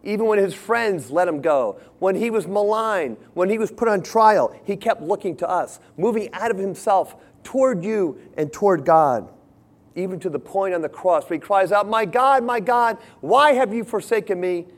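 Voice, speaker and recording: A man preaching a sermon, earnest, moving between hushed lines and emphatic ones. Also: sits high, expressive, normal speed.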